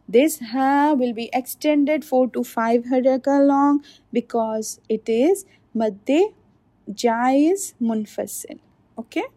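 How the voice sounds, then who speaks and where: Patient woman teaching recitation, dark tone. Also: fairly high pitch, dry recording. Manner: patient, slow demonstrations of each sound. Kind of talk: tajweed pronunciation lesson.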